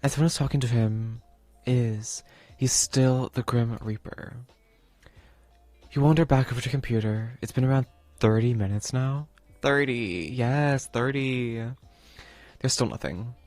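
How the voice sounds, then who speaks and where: A man's voice: medium pitch, measured pace, darkish tone, no echo. A male game streamer talks in a rambling, playful way, full of filler words, and reads on-screen game text aloud in an average voice. The mic is close, the room sounds dry, and faint game music plays underneath. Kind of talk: casual play-through commentary, reading game text aloud.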